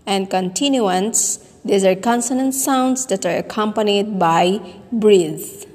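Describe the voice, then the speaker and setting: A woman teacher giving a voice lesson, speaking slowly and deliberately and demonstrating sounds and word stress. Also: medium pitch, a little mellow. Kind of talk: recorded voice lesson. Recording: long reverb.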